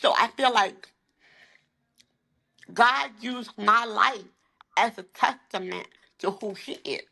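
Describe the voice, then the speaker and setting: A woman in her forties, a life coach, talking openly and with deep faith, emphatic and heartfelt, at times holding back tears. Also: takes it slowly, creaky, bright, forceful tone. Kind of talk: candid faith-filled interview talk.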